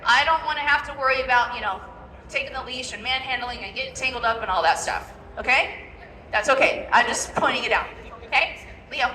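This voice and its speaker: A woman dog trainer with a brisk, sharp, fairly high voice gives a live demonstration, coaching handlers step by step with a recurring "okay?". She is in a large indoor expo hall, recorded from far away with echo.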